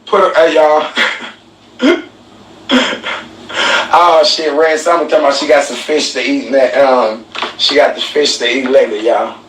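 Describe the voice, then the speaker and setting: A man's voice: medium pitch, creaky, fairly bright tone. A man ranting crudely on a livestream, rambling and laughing at his own jokes. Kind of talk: crude casual livestream rant. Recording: echoey, distant, faint background hiss.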